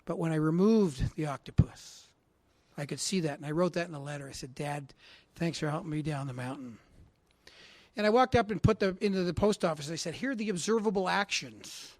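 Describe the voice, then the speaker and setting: A man's voice: a little high, fairly quick, dry recording. Earnest man sharing his recovery story. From Canada. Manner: heartfelt, swings from hushed to loud emphatic. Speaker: recovery meeting speaker. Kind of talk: personal testimony talk. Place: assembly hall.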